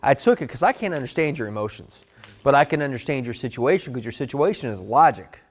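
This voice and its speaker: A man teaching a live sales training class in a casual, animated way, slipping into short customer role-plays. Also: mid-range voice, quick pace. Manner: animated, conversational, drops into customer role-play.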